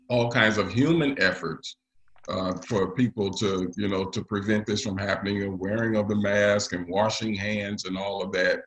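Guy giving a sermon, lowish voice, lots of uhs and pauses. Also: low-quality recording. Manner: leads the congregation in call and response; halting, with frequent pauses and fillers. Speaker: pastor.

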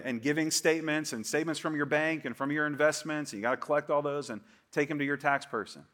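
A middle-aged male pastor preaching a sermon to a church congregation in a conversational way, often checking in with "right?" and acting out quoted voices. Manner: conversational, keeps asking "right?"; acts out quoted voices with a rising, louder pitch.

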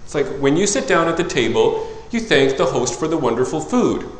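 A man preaching a sermon as a pastor, animated and conversational, acting out the voices of the people he quotes. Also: brisk, roomy sound, poor audio. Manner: animated, acts out quoted voices in a higher pitch.

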